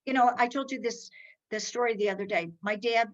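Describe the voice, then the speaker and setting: A middle-aged woman hosts a casual podcast chat in a slightly high voice, rambling along with plenty of fillers and false starts. The audio is dull and lo-fi, like it came through a call. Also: a little fast. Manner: chatty, rambling, with many restarts and fillers; acts out others' lines in quoted voices while telling stories. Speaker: podcast host.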